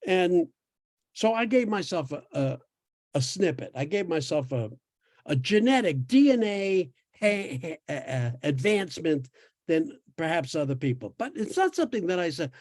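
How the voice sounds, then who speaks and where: An elderly man in his eighties, from New York, talks in a rather high voice. He tells long, winding stories with restarts and the odd laugh, recorded dry and close with no room sound. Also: very animated, normal speed, darkish tone, no echo. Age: 80s. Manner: rambling storyteller with restarts and laughs. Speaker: podcast guest sharing his experience. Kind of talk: casual conversation.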